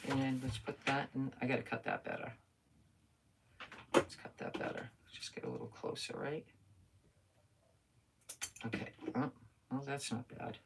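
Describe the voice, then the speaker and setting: A woman's voice: very deep voice, very animated, a little slow, creaky, long pauses, very noisy. An older woman chatting casually while crafting on a live stream, talking to herself and answering viewer comments.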